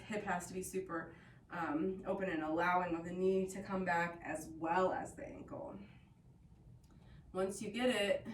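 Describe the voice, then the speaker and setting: A woman teaching a yoga class, giving calm, encouraging cues with playful asides. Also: on the low side, slight background noise. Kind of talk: guided yoga class instruction. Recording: echoey room, voice from a distance.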